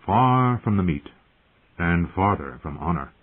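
A man narrating a fantasy audiobook in a measured, tense storytelling manner. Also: deep voice, expressive, slightly rough. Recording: tinny phone-like audio.

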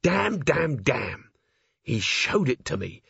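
Man voicing a bitter watch commander, curt, gruff, husky, dull recording. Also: medium pitch, very animated, slow, fairly bright tone, no echo, voice pushed up, exaggerated voice.

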